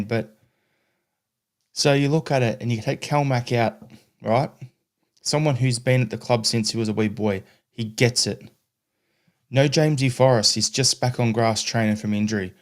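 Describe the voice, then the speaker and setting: A Scottish man co-hosting a football podcast, talking bluntly in a ranting, casual way and swearing freely. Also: mid-range voice. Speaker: podcast co-host.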